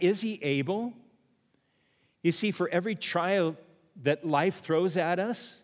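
A man's voice: on the high side, in a large hall. A man preaching a sermon as pastor, who repeats refrains and asks his listeners questions.

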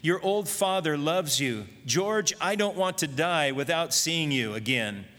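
A man's voice: fairly high pitch, animated, unhurried, fairly bright tone, big-room sound. A man voicing a heartbroken old father who calls out for his lost son in a cracking, quivering voice. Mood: pleading. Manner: pleading.

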